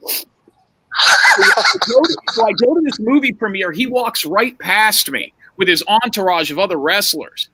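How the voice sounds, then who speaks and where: A man telling rambling, profane anecdotes in a casual, animated way on a podcast. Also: high voice, moderate pace, slight background noise, rough recording. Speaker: podcast guest storyteller. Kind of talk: casual storytelling.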